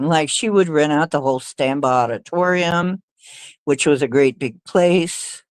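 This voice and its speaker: A woman's voice: sits low, unhurried, clear, resonant tone, no echo, low-quality recording. A woman hosting a livestream, telling stories in a rambling, hesitant way with many fillers and little laughs. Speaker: livestream host. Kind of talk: casual storytelling chat.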